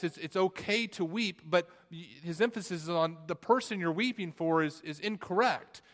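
A man preaches through a passage, often restarting and repeating words as he explains it. His voice sits a little high. The sound carries a long hall reverb, as from a church sanctuary. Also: a bit bright. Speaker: pastor. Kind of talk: sermon.

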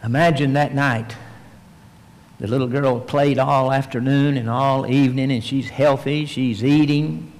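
A man's voice: medium pitch, unhurried. Male preacher in a reverberant hall. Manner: folksy storytelling, swings between animated and hushed. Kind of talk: sermon. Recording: long reverb, large hall.

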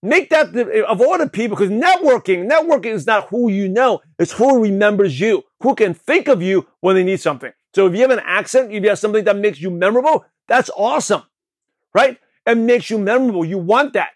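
A man from Brooklyn, New York, hosting a show and giving an energetic motivational talk on network marketing, with a slight lisp, often checking in with the listener. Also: high-pitched, fairly quick, no echo. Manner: energetic, repetitive, asks the listener questions. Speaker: podcast host, network marketing coach.

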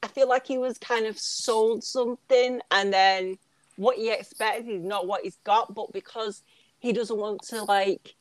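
Woman co-host, giggly and chatty, slightly high voice, dry close mic. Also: fairly even intonation, unhurried, no room sound. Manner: giggly, chatty, uses "like" often. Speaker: podcast co-host. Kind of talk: casual wrestling chat.

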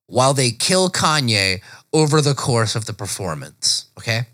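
A man's voice: mid-range voice, normal speed. A man co-hosting a podcast, telling a story in casual, profane chat and laughing often. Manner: animated, profane, laughs often, slips into silly voices. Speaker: podcast co-host.

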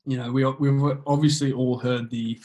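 A man's voice: medium pitch, flat delivery, normal speed, warm tone, rough recording. A man, speaking earnestly as a guest about men opening up, often repeating phrases as he explains. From Australia. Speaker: guest on men's mental health. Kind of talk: casual conversational interview.

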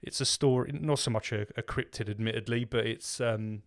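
A man's voice: medium pitch, fairly even intonation, a little fast. Rambling man co-hosting a podcast. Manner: rambling, many "um"s and restarts. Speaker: podcast co-host. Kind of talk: casual podcast chat.

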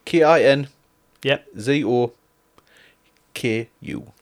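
A man's voice: mid-range voice, drawn-out words. A man, co-hosting a podcast, laughing often and giving dry teasing replies. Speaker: podcast co-host. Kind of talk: casual podcast banter.

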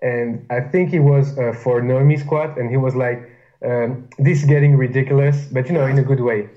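A man's voice: medium pitch, moderate pace. French-accented man on a dull line. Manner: laughing, relaxed storyteller. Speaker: coach, guest. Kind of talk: casual podcast interview. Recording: dull, lo-fi sound.

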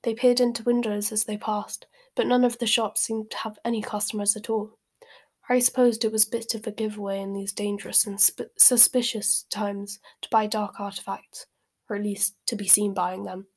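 A woman reading a novel aloud from a sheet, at an ordinary middle pitch. She trips over words now and then and corrects herself as she goes. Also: little pitch movement, normal speed, darkish tone, breathy edge. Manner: stumbles and corrects herself, laughs at slips. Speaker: reader.

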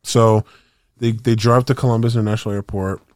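Speaking fairly quickly with little pitch movement, this man has a lowish, somewhat mellow voice. He co-hosts a podcast and keeps the chat loose and slangy, full of fillers and false starts. The studio sound is clean, with no echo.

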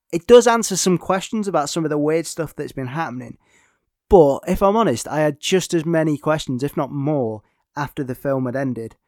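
A man's voice: on the high side, a little mellow, dry recording, clean studio sound. A man giving a casual spoken film review, rambling and hesitant with many fillers and restarts.

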